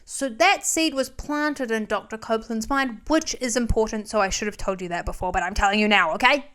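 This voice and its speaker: A chatty woman vlogger recapping a movie with sarcastic asides and frequent tangents. Her voice sits high and comes across smooth and clear. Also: a little fast, a bit bright.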